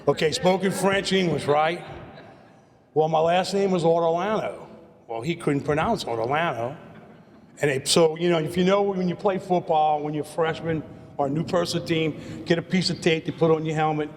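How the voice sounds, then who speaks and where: A man's voice: fairly high pitch, normal speed. A man, giving a rambling acceptance speech at a podium and often repeating his words. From Louisiana, USA. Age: late 50s. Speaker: hall of fame inductee. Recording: long hall reverb.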